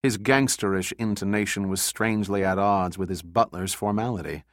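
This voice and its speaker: A man narrating an audiobook in a steady, measured scripted reading. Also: on the low side, no echo, studio quality.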